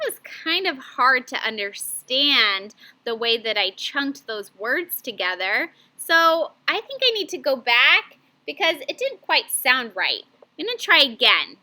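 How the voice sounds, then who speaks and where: A young woman teacher giving an online reading lesson to children, modeling phrasing clearly and deliberately. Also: high voice, big pitch swings, pushed and bright.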